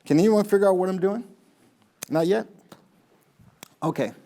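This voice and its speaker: A man's voice: high voice, normal speed, warm tone. A man, a golf pro, giving a rambling motivational talk to a live audience, telling stories and asking the crowd questions.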